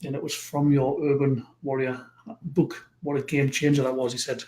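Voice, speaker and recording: A man hosting a live stream, chatting with a guest and reading out viewer comments in a halting, friendly way. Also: medium pitch, flat delivery, darkish tone. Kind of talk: casual interview chat. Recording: roomy echo.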